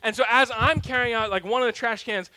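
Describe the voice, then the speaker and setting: A man in his thirties preaching a sermon as a pastor, telling a self-mocking story with humor and swinging between loud, punchy lines and hushed, quiet ones. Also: very high voice, fast, no room sound. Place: church sanctuary.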